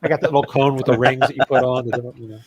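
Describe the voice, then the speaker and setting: A man's voice: mid-range voice, level tone, rapid-fire, crowd noise. A man who is a guest on a casual chat, talkative and hesitant, full of you-knows. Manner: talkative, hesitant with fillers, slips into mock voices.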